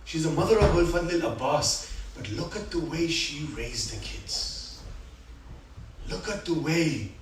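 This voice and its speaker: A man with a fairly high voice delivers a sermon, telling stories with surging dramatic passages and hushed reflective ones. He is heard from some distance in a reverberant hall, with a faint hum of room ambience behind him. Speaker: speaker at a religious gathering. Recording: echoey hall, speaker far from mic, faint room noise.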